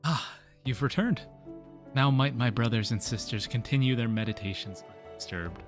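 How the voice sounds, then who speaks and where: A man's voice: mid-range voice, normal speed, music in the background, natural voice. A man reading as a formal game quest giver. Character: grateful game quest giver reciting thanks.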